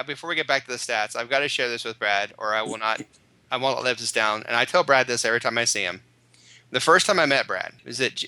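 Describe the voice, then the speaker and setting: A man co-hosting a fan podcast, telling joking stories in animated casual chat. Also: medium pitch, no echo. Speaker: podcast co-host.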